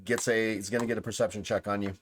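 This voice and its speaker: A man's voice: lowish voice, fairly even intonation, slight background noise. A man narrating as game master of a tabletop role-playing game, rambling with many fillers. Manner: rambling, full of fillers, voices characters in quick asides.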